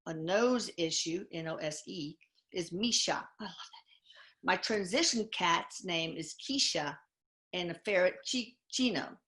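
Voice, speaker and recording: A woman hosting a live Q&A, reading viewer questions aloud and tossing in quick casual asides. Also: on the low side, expressive, fairly bright tone. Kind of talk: live Q&A chat.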